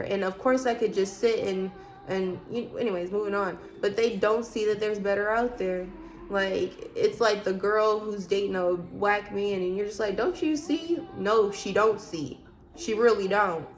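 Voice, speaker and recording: A woman vlogger talking casually about faith, emphatic and preachy, with many rhetorical questions. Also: medium pitch. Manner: loose, chatty, frequent fillers. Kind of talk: casual faith talk to camera.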